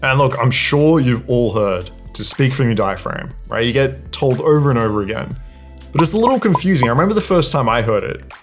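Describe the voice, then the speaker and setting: A man's voice: medium pitch, expressive, fairly quick, over music. A young man giving a casual voice lesson, explaining breathing and resonance and demonstrating exercises. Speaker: dating and voice coach. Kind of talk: instructional talk to camera.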